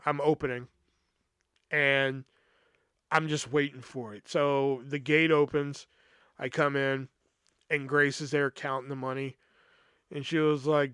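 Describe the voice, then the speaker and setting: A man's voice: fairly high pitch, a bit bright, clear, resonant tone, no room sound, studio quality. Profane, rambling man telling a story. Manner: profane, rambling, peppered with "you know". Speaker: podcast host. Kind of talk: casual storytelling.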